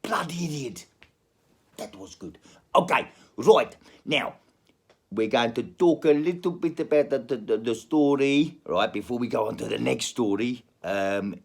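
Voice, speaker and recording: A man's voice: medium pitch, normal speed, creaky, a little mellow. A man vlogging a rambling comic story, chatty and full of swearing and restarts.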